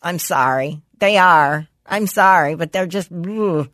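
A woman co-hosting a podcast, telling stories in casual chat, animated and laughing often. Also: on the low side, slow pace, no echo. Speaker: podcast co-host.

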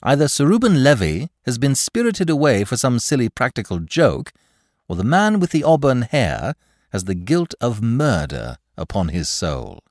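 A man voicing a flippant, theatrical aristocratic gentleman detective in a storybook reading. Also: medium pitch, very animated, normal speed, no room sound, clean studio sound, lightly acted. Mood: grave. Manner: breezy, theatrical, whimsical. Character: flippant aristocratic young male sleuth.

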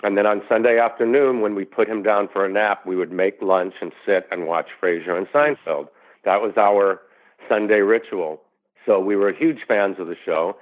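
A man's voice: fairly low pitch, normal speed. A man from New York, an actor guest on an interview, telling stories and acting out the quoted voices. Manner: animated storyteller who acts out quotes. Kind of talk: casual storytelling interview. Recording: tinny phone-line sound.

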